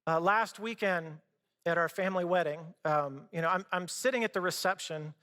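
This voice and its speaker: Bright-voiced preaching man in a hall. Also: high voice, moderate pace. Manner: conversational preaching with personal stories. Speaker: pastor. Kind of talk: sermon. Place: church sanctuary. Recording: long hall reverb.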